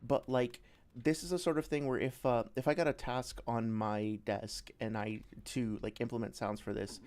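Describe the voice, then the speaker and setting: Casual, rambling game developer. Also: male voice, mid-range voice, fairly even intonation, normal speed, darkish tone. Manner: rambling, filler-heavy, explains with examples. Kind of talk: casual explanatory commentary.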